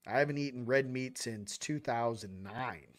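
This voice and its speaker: A young man hosts a spiritual livestream, talking casually in a mid-range voice at normal speed. His monologue is loose and full of slang, wandering along with quoted asides.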